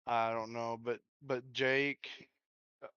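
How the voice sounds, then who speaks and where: Man, gaming chat guest, smooth resonant voice, muffled lo-fi sound, faint music. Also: medium pitch, flat delivery, takes it slowly, bright, forceful tone. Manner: easygoing, brief replies. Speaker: co-host guest.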